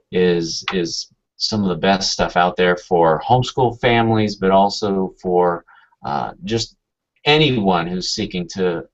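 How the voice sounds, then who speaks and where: A man's voice: deep voice, noisy background. A man hosting a casual online chat, easygoing and hesitant with many fillers. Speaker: show host. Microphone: video call. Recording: dull lo-fi video call audio.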